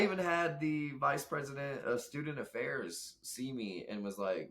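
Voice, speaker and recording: A man's voice: mid-range voice, measured pace, creaky, few pauses, a bit bright, slight background noise. A young man, a guest telling rambling, reflective stories in casual chat. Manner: rambling, reflective, laughs often.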